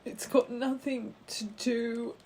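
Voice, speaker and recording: With a fairly high, steady voice, a woman reads tarot cards slowly for her viewers, addressing them tenderly as her angels. There is slight background noise.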